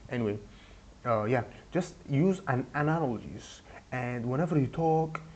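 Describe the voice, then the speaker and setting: A young man giving casual advice in a goofy, rambling way, speaking deliberately broken English. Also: mid-range voice, darkish tone, lo-fi sound. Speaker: advice vlogger.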